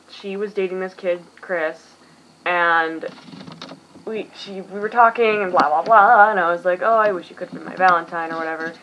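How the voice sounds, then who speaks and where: A woman's voice: lowish voice, a bit bright, slight background noise, low-quality recording. A tired young woman in her late teens from the US, rambling self-deprecatingly through a casual vlog as its host. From United States.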